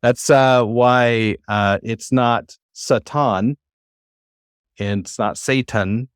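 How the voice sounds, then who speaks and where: A man's voice: mid-range voice, steady tone, slow pace, clear, resonant tone, no room sound, clean studio sound. A man teaching a class, who explains patiently and coaxes his students to try reading aloud. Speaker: Hebrew teacher.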